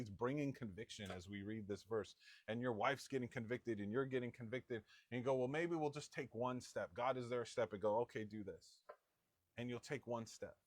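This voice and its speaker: A man preaching a sermon in a loose, conversational way, acting out people's voices with sudden jumps in pitch. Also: no room sound. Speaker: pastor.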